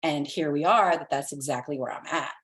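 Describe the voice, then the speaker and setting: Woman, podcast guest, lowish voice; earnest, reflective chat. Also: fairly quick, fairly bright tone. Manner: thoughtful and earnest, many fillers. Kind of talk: casual reflective podcast conversation.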